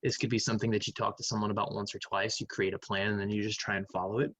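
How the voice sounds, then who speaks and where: A man's voice: lowish voice, level tone, rapid-fire, a bit bright, breathy edge, no echo, poor audio. A male math teacher giving a recorded lecture, going over quiz answers in a conversational, think-aloud manner. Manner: conversational, thinking aloud, hums while reading.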